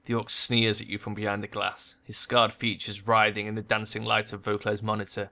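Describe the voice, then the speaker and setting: Bright-voiced man reading a game aloud. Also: lowish voice, completely flat delivery, a little fast, creaky, hardly any pauses. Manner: casual, jokey, swears in asides. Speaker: let's play narrator. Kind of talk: reading game text aloud with casual asides.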